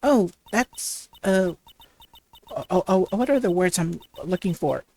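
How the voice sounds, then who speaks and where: A woman's voice: lowish voice, animated, darkish tone. Woman reading as a ditzy valley girl. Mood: airheaded. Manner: halting reading with stutters and restarts; valley-girl filler words.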